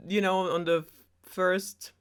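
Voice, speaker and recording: A woman's voice: lowish voice, level tone, slow, smooth. A German woman doing an eager smitten prince. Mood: casual.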